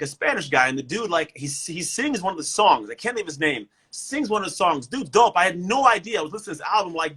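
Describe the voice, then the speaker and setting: Fast, bright-voiced motivational man. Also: fairly high pitch, husky, rough recording. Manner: energetic, emphatic, repeats words. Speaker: motivational speaker and coach. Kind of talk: casual motivational talk. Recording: livestream guest.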